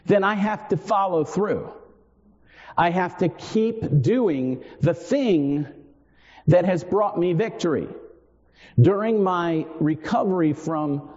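A pastor in his forties preaches earnestly in a fairly high, darkish-toned voice, repeating key phrases for emphasis and tossing in self-deprecating asides. The recording is dull and set in a hall with long reverb.

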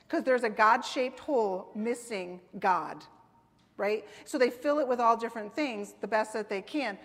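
A woman's voice: on the high side, fairly bright tone. A woman preaching a sermon in a conversational way, often asking the congregation "right?" and "amen?". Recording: long reverb of a hall.

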